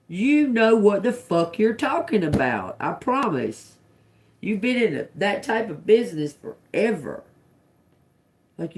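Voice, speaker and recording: Live-streaming a tarot reading, a woman with a lowish voice sounds out individual words while pondering them. She then shifts into chatty, profane tangents punctuated by laughter.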